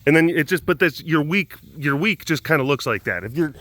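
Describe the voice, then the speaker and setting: A man's voice: on the high side, lively intonation, fairly quick, a little hiss or hum. A young man chatting casually and rambling about his day as a podcast host. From Dallas-Fort Worth area, Texas. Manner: rambling, talks to pets in a soft voice. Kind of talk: casual chat.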